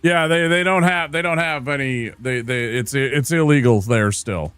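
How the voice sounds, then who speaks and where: A man's voice: mid-range voice, moderate pace, fairly bright tone, smooth, dry recording. A laid-back man from Minnesota streaming a game, rambling casually and talking to viewers by name. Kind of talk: casual gameplay chat with chat.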